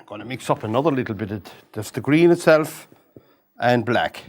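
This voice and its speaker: A man demonstrating a painting, chatting gently and coaxing the paint along as he works. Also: mid-range voice, lively intonation, quick pace. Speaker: painting instructor.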